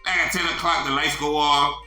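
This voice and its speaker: A man with a high, very bright and piercing voice tells a story in loose, animated talk, swearing freely and filling gaps with "man". The room around him is echoey and has faint music behind it. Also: fairly quick. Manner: animated, profane, repeats "man" often. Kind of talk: casual storytelling.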